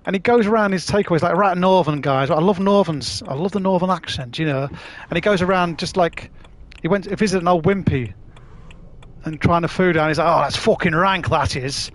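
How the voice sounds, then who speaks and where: A man's voice: high voice, brisk. Chatty man streaming a game. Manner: chatty, laughs often, swears casually. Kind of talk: casual live-stream chat while playing.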